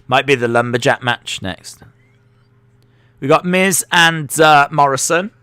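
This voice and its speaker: A man's voice: a little high, a little slow, pushed and bright, clean tone, no echo. A man hosting a live wrestling watch-along, chatty and jokey, reacting aloud as he goes. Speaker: live stream host.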